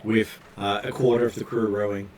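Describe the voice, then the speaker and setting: A man narrating a tabletop game as game master, pausing often on fillers as he describes scenes. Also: fairly low pitch, little pitch movement, a crowd in the background. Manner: hesitant, filler-heavy narration.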